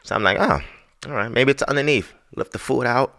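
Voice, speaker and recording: A man's voice: mid-range voice, fairly quick, bright, forceful tone. A man hosting a podcast, telling a story in a casual, profane, exasperated rant. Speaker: podcast host.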